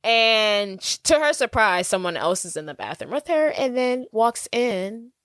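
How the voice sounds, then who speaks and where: A woman's voice: a little high, sing-song, measured pace, a bit bright, dry recording. An American woman co-hosting a podcast, chatty and laughing as she recaps a film and acts out its characters' lines. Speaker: podcast co-host. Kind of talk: casual movie recap chat.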